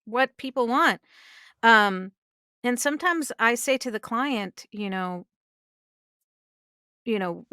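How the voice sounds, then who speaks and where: A woman's voice: fairly high pitch, expressive, slow pace, long pauses, bright, forceful tone, smooth, no echo, studio quality. A middle-aged woman, a voice actress guest on a podcast, speaking earnestly and giving emphatic advice in conversation. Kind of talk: conversational interview. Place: podcast studio.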